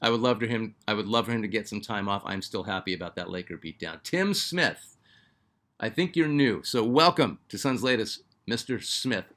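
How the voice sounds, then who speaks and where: A man's voice: fairly low pitch, lively intonation, normal speed, a bit bright. A man hosting a basketball fan channel, chatting casually and reading out viewer comments, with lots of fillers and restarts. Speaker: sports channel host.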